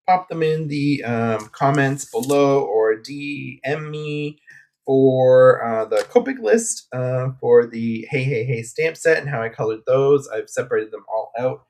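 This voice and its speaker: A man's voice: mid-range voice, unhurried, darkish tone. A man hosting a live coloring stream, chatting casually and rambling from his craft desk. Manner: rambling and chatty, with many fillers and asides.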